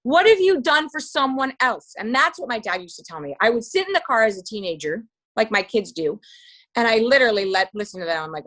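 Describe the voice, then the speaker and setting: A middle-aged woman in a casual chat as a podcast guest, candid and animated, swearing freely. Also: mid-range voice, fast.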